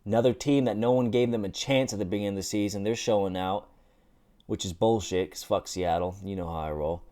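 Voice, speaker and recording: Foul-mouthed animated sports vlogger man. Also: on the low side, brisk. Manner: animated, profane, joking. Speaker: host. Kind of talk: casual sports commentary.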